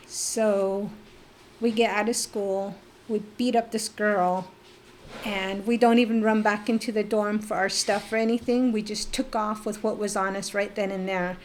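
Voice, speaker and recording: A middle-aged woman from the Navajo Nation, telling her life story as a podcast guest in a lively, animated way. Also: mid-range voice, a little slow, slight background noise. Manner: animated storyteller who acts out remembered voices. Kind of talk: personal storytelling in a casual interview.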